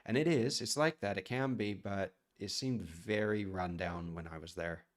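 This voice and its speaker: A man's voice: on the low side, normal speed. A man from the United States, a chef chatting casually on a live stream and answering viewer questions in a rambling way.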